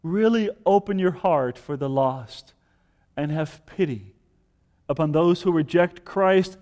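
A male preacher delivers a fervent sermon, his voice sitting high for a man. He swells into loud, emphatic appeals and then drops back to calm teaching. The sound carries a long reverb, as in a large hall. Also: slow.

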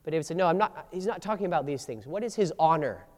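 A man delivers a sermon in a fairly high voice, and his words ring with the long reverb of a large hall. He moves between plain teaching and dramatic readings of quoted lines. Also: lively intonation, fast. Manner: acts out biblical quotes with shifting voices and emphasis. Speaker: pastor.

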